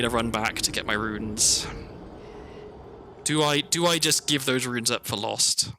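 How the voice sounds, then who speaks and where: Unhurried yet pushed and bright, a British man's mid-range voice drifts through chatty gameplay commentary, with slight background noise. He rambles and breaks off mid-sentence over the game's background music.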